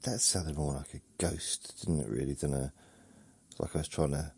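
A man's voice: very deep voice, steady tone, moderate pace, creaky, a little mellow, husky, no room sound. A man hosting a sleep podcast, rambling drowsily and chuckling at himself. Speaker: podcast host.

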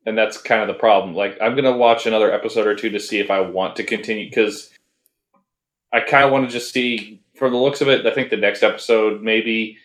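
A man with a fairly low voice chats casually about an anime season, trailing off and restarting his sentences, full of ums and uhs. His voice rings in an echoey room. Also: steady tone, fairly quick, a bit bright. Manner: rambling, hesitant with many fillers and restarts. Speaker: podcast co-host. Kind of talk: casual anime review chat.

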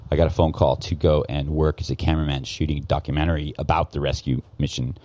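A man's voice: extremely low pitch, flat delivery, fast, dark tone. A man telling a story in casual podcast talk, heated and profane, often restarting his sentences. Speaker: guest, former news cameraman.

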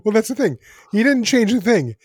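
A man's voice: high-pitched, very animated, a little fast, breathy edge, no echo, studio quality. A man co-hosting a casual podcast, talking film news in a wry, teasing way. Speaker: podcast co-host. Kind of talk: casual chat.

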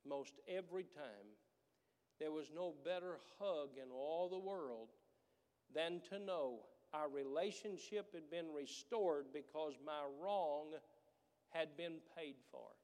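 A man's voice: fairly high pitch, slow, a little mellow, smooth, in a large hall. A man preaching a sermon as pastor, with a manner that builds into emphatic, repeated declarations. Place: church sanctuary.

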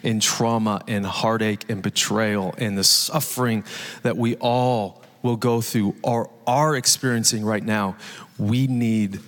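Energetic man preaching in a reverberant church. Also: fairly low pitch, measured pace. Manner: energetic, conversational preaching with jokes and audience questions. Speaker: pastor. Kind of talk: live sermon. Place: large church hall. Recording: live church hall reverb.

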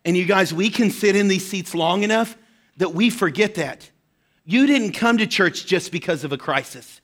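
A man's voice: high voice, animated, normal speed, a bit bright. A man preaching a sermon as pastor, impassioned, his voice rising when he speaks the quoted words. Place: church hall.

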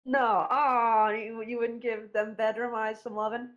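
A woman with a fairly high voice hosts a podcast. She chats casually, teasing her guest and swearing freely in a playful way. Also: level tone, measured pace, highs cut off. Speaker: podcast host.

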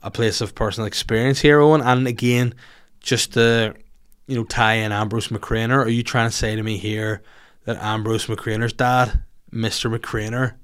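A man's voice: mid-range voice, steady tone, normal speed, smooth. A man in his thirties with a Northern Irish accent, hosting a podcast with a sweary, rambling, self-mocking comic rant. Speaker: podcast host.

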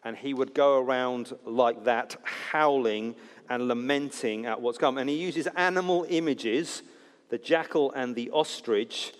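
A man preaching an expository sermon in a conversational way, with jokey asides, swinging between loud emphasis and hushed, low passages. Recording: long hall reverb.

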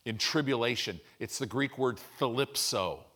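A man's voice: mid-range voice, normal speed, bright, forceful tone. A man pastor preaching a sermon, asking his congregation questions and building to emphatic peaks.

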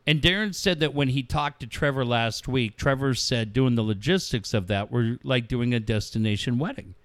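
In casual sports radio chat, a middle-aged co-host speaks at normal speed in a mid-range voice on a dry recording. He's animated, telling stories with acted-out quotes and plenty of swearing.

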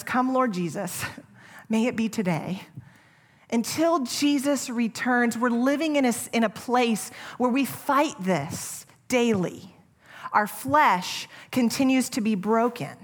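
Gentle, earnest woman preaching a sermon. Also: a little high.

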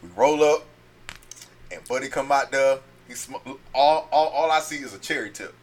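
A man in his thirties telling a story in casual chat, animated, acting out the voices and swearing freely. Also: medium pitch, moderate pace. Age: 30s.

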